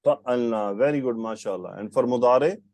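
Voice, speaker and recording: A man's voice: medium pitch, fast, a little mellow, dry recording. A man teaching Arabic grammar in an online lesson, patiently quizzing his student with short questions over a call. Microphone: computer mic on a video call.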